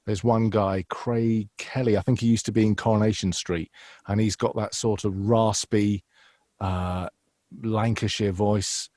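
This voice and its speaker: A man's voice: fairly low pitch, steady tone, a little slow, a little mellow, no room sound, studio quality. A man, an impressionist and voiceover artist, chatting casually in an interview with rambling, restarting sentences. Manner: rambling, restarts, frequent fillers.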